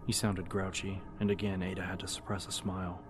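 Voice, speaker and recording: Deep, flat-voiced male narrator over music. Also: fairly quick. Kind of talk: audiobook-style story narration. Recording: music bed under the narration.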